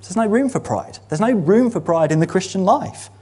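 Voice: medium pitch, animated, brisk, mellow, slightly rough. A preacher giving a sermon in a church meeting room, earnest and building to emphatic peaks.

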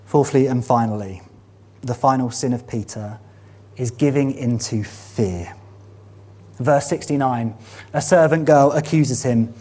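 A man preaching a sermon, earnest and emphatic, building to animated exhortation. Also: medium pitch, measured pace.

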